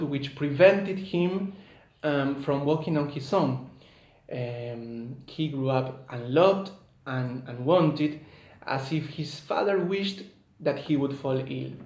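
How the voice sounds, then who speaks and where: A man student giving a read-aloud academic presentation, measured and hesitant, pausing often with fillers. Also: on the high side, a little mellow, reverberant, poor audio.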